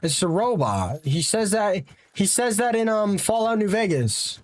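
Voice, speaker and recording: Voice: medium pitch, big pitch swings, a little slow, slight background noise. A young adult streamer giving live commentary on a battle royale game, exasperated, repeating disbelieving questions and answering the chat. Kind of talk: live gameplay commentary chatting with viewers.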